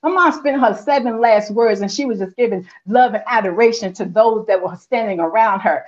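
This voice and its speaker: A woman's voice: on the high side, brisk. A woman preaching a sermon with rhythmic repetition and rising emphatic calls. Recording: lo-fi muffled recording.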